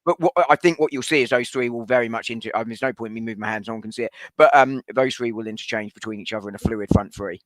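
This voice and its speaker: A man as guest pundit on a casual football chat stream over a video call, analytical and quick to laugh. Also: mid-range voice, no echo. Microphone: home computer mic on a video call.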